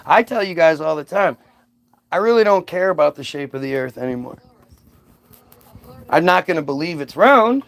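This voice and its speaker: A man's voice: fairly high pitch, very animated, moderate pace, gravelly, long pauses, a bit bright. A man ranting sarcastically on a livestream, answering viewer comments in a combative, mocking way. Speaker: streamer reacting to viewer comments.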